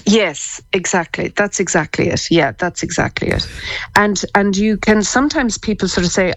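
A woman's voice: mid-range voice, moderate pace, no echo. A woman with an Irish accent, a psychotherapist chatting as a guest on a radio interview, laughing easily and restarting her sentences. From Ireland.

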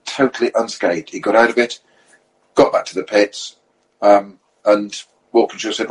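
A man's voice: lowish voice, normal speed, long pauses, breathy edge, low-quality recording. A man telling racing anecdotes in a casual chat, quoting people as he goes. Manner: animated storyteller who quotes others in their own voice.

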